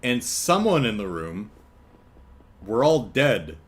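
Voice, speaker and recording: A man's voice: mid-range voice, sing-song, slow. A man hosting a casual solo podcast from home, telling stories in a wry, chuckling way with lots of restarts. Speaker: podcast host. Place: home, apartment.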